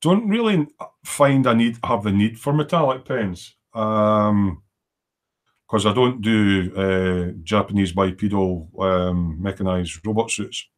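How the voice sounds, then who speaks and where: Working away in his home workshop, a middle-aged livestream host talks slowly in a fairly low-pitched voice. He rambles in casual chat and pauses to read viewer comments aloud.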